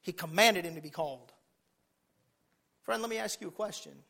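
A man preaching a sermon as pastor, fiery, swinging from quiet talk to shouting. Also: sits high, moderate pace, gravelly.

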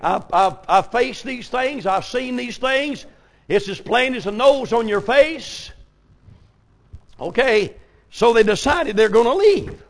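An older man preaching a folksy revival sermon, telling stories and rising to sudden shouts. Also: very high-pitched, animated, takes it slowly. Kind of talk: old-fashioned revival sermon.

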